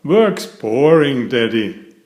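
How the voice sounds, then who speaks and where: A man's voice: medium pitch, very animated, takes it slowly, darkish tone, roomy sound. A man reading a children's storybook aloud, voicing an eager little girl piglet.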